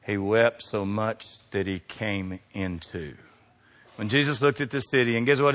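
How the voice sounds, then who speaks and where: A man preaching a sermon, calling out questions to the congregation, his voice climbing high and loud, then sinking low and quiet. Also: in a large hall. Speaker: pastor.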